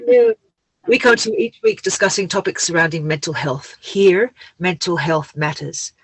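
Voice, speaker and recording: A woman's voice: on the low side, expressive, normal speed, poor audio. A woman hosting a podcast in casual chat, talking in a rambling, open way and sounding teary. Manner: chatty, rambling, open about feelings. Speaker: podcast host.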